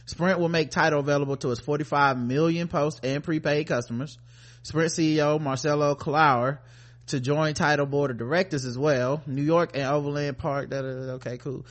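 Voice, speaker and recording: A man co-hosting a podcast, ranting in a profane, animated, mock-outraged way. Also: a little high, normal speed. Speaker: podcast co-host. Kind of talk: casual comedic rant.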